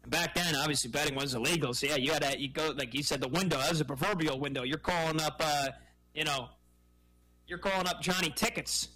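Male sports radio host, bright, forceful tone, slightly high voice, lively and conversational. Heard on a radio broadcast. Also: fast talker, low-quality recording. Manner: energetic, conversational.

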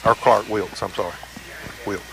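A man's voice: on the low side, fairly even intonation, moderate pace, a bit bright, rough recording. A man hosting a casual sports talk show, folksy and joking. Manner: folksy, laid-back, joking.

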